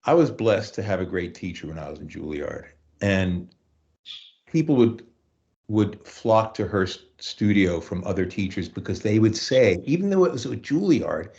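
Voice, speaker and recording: A man's voice: sits low, a little mellow. Guy voice teacher chatting, tells stories, does little voices for quotes, kinda muffled audio. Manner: storytelling, acts out quotes, restarts often. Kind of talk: conversational teaching interview.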